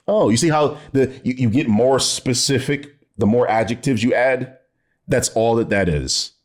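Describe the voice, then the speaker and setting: A man with a medium-pitched voice talks at a normal speed, reacting to a video with sarcasm and exasperation. He swears often and laughs in disbelief. He's an American commentary YouTuber, and the talk is casual, profane reaction commentary.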